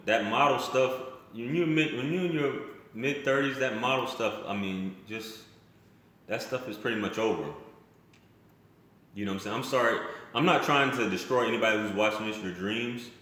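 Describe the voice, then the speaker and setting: A man's voice: medium pitch, moderate pace, a bit bright. A man telling a personal story in a casual vlog, blunt and rambling, often restarting his sentences and using slang. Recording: very echoey room.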